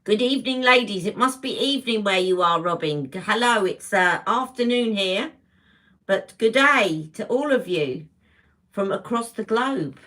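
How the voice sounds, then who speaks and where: A woman's voice: medium pitch, animated, normal speed, bright, forceful tone. Chatty woman greeting livestream viewers. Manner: chatty, greets viewers by name mid-sentence. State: emotional, close to tears. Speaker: beauty livestream host. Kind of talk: casual livestream chat with viewers.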